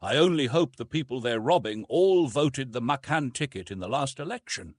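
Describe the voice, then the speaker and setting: A man's voice: medium pitch, lively intonation, moderate pace, dry recording, lightly acted. A man voicing a blunt, wry male space-fleet commander in an audiobook. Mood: tense.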